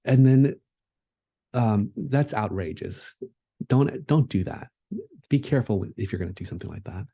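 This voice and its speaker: A man's voice: medium pitch, normal speed, mellow, breathy edge, no room sound. A man giving a keynote talk at a conference, speaking in a reflective, conversational way, with many fillers and restarts.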